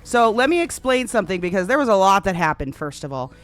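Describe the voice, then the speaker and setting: A woman's voice: mid-range voice, very animated, fast. Woman streamer telling a roleplay story, lots of laughs and ums, faint music under it. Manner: laughs a lot, exclaims, rambling storytelling with fillers. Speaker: streamer playing a roleplay character. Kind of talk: live-streamed roleplay and recap.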